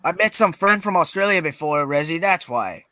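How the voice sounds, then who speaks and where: A man's voice: fairly high pitch, animated, normal speed, sharp tone, no room sound. A young man on a live-stream chat, speaking hesitantly with frequent restarts. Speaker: guest.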